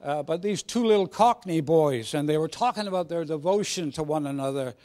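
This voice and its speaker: A man's voice: on the high side, animated, brisk, a little mellow. A man preaching a sermon in a jovial, conversational way with frequent restarts. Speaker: guest preacher.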